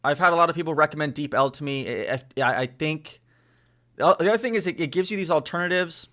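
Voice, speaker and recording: A man whose first language is Spanish, chatting casually on a live stream and slowly repeating foreign phrases to practice them. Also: a little high, lively intonation, bright, forceful tone.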